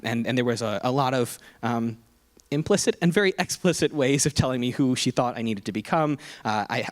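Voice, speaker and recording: Young man telling a funny personal story. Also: medium pitch. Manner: humorous, conversational, self-deprecating. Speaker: keynote speaker. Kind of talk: storytelling keynote speech.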